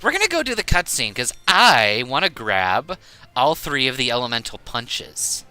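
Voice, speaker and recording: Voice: medium pitch, very animated, normal speed, sharp tone, no room sound. A streamer giving casual commentary while playing a game, reading the characters' lines aloud. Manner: laughs often, voices characters while reading.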